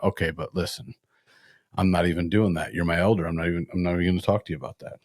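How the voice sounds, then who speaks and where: A man with a very low voice hosts a laid-back hunting podcast, rambling through folksy stories. His sound is dry and close, with no room around it. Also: steady tone, fast, no room sound. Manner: folksy storyteller, drops into playful mimicry of other hunters. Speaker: podcast host. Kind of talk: casual hunting podcast chat.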